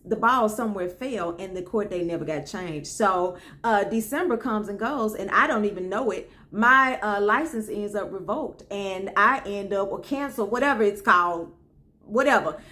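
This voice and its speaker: A woman from Memphis, telling a funny personal story to her viewers in an animated, folksy way. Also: medium pitch, moderate pace. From Memphis, Tennessee. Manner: animated, talks straight to viewers with folksy asides. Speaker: storyteller host.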